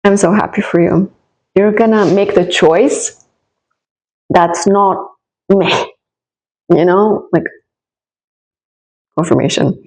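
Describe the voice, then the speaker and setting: The woman's voice is medium in pitch and fairly even, slow, with long pauses, captured on a rough recording. She's a tarot reader doing a casual, encouraging reading directly to the listener, warm and reassuring, and she rambles with many restarts and asides while turning each card.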